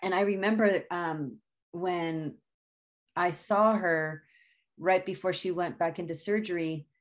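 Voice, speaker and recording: Earnest low-voiced woman sharing personal stories. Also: a little slow. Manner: earnest, reflective, personal storytelling. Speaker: guest author. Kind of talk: conversational interview.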